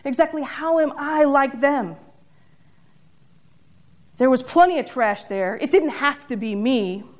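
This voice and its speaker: A woman's voice: a little high, animated, moderate pace, hardly any pauses, close to an everyday voice. A woman voicing a proud, indignant older farm woman who rails in self-righteous fury. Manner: furious, self-righteous outbursts.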